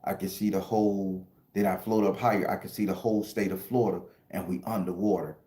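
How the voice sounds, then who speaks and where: Give me a deep, mellow-voiced man talking casually to his viewers in a roomy echo. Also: steady tone, fairly quick. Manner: emotional, slangy, talks to viewers directly. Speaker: spiritual channel host and tarot reader. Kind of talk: casual livestream storytelling.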